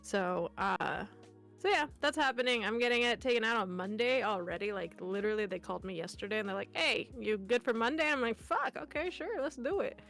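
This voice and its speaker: A woman's voice: mid-range voice, a little fast, a bit bright, faint music behind. A woman chatting playfully as a guest streamer, giggling often and making goofy noises. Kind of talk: casual stream chat.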